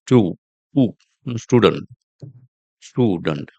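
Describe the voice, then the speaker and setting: Deep-voiced man teaching pronunciation. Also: lively intonation, dry recording. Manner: slow, repeats example words aloud. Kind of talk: podcast accent lesson.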